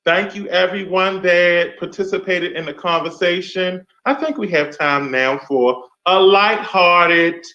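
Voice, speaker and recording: A man's voice: sits high, a little slow, hardly any pauses, pushed and bright. A man hosting a casual group chat on a remote call, steering the talk and teasing the others. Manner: teasing, leads the conversation. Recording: muffled lo-fi call audio.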